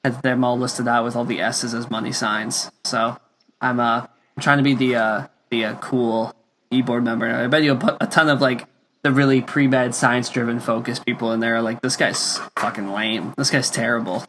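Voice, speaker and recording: A man's voice: medium pitch, little pitch movement, normal speed, fairly bright tone, a little hiss or hum. A young man hosting a casual podcast chat, rambling with lots of fillers and restarts. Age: young adult. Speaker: podcast host.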